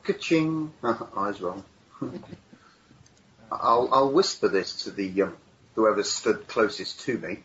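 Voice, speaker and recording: A man playing a tabletop game over voice chat, playful and animated. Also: lowish voice, slow, pauses often. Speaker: player. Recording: dull lo-fi voice chat with faint hiss.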